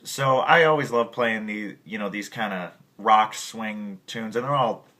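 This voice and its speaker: A man's voice: on the low side, measured pace, sharp tone. A man giving a casual piano lesson, rambling with many restarts and stopping to scat rhythms. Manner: rambling, many restarts, sings and scats examples. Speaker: piano teacher. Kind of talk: casual music tutorial.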